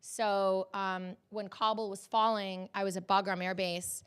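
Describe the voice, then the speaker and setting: Brief: woman, thirties, journalist, lively on-camera storyteller with a mid-range voice who laughs easily. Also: medium pitch, measured pace, clear, resonant tone. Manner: animated, laughs often, acts out quoted people.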